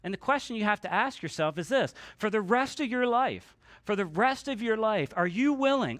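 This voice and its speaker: A man with a high voice preaches a sermon in a church, talking casually and slipping into little voices for the people in his stories. The sound is dry and close. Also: no echo. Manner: conversational, acts out quoted voices, asks the congregation to repeat lines. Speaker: pastor. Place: church sanctuary.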